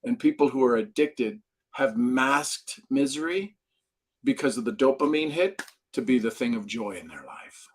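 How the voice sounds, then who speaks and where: A man's voice: mid-range voice, normal speed, breathy edge. A middle-aged man speaking as an expert guest in an interview, telling stories with energy. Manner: animated storyteller who acts out quoted dialogue. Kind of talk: interview conversation.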